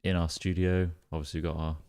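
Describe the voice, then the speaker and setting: A man's voice: deep voice, flat delivery, quick pace, a little mellow, smooth. A man co-hosting a casual studio podcast, throwing in dry jokes and opening the episode. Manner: dry, joking. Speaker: podcast co-host. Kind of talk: casual chat.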